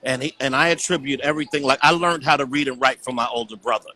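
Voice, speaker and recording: A man's voice: mid-range voice, fast, pushed and bright, a little hiss or hum. A man talking earnestly in a casual call conversation as a guest, often saying "you know what I'm saying".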